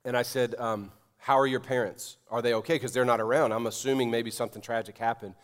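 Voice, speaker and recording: A man's voice: medium pitch, steady tone, fast. Man preaching a storytelling sermon. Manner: storytelling, builds to loud emphatic preaching. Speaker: pastor.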